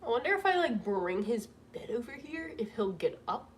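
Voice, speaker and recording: High-voiced young woman, distant mic. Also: sing-song, normal speed, a little hiss or hum. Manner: emotional, laughing through tears, gushing. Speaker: vlogger reading donation messages. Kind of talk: casual livestream chat. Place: home room with roof work banging.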